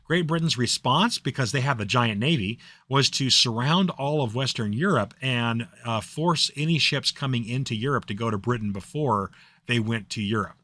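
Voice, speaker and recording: A man talks through a history lesson in a relaxed, conversational way, piling up fillers and restarting his sentences as he goes. His voice is bright and forward. The recording is close and dry, with no room sound. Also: medium pitch, moderate pace, no echo. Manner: chatty, loose, many fillers and restarts. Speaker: history teacher. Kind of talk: casual classroom lecture.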